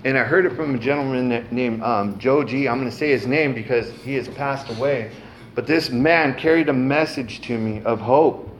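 A man's voice: mid-range voice, normal speed. Casual man sharing his recovery story. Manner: casual, frequent "man" and "um", cusses freely. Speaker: recovery meeting speaker. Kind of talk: personal testimony.

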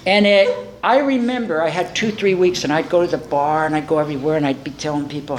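An older man sharing his recovery story at a meeting, animated and acting out the voices of people in it. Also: a little high, fast, roomy sound, noisy background.

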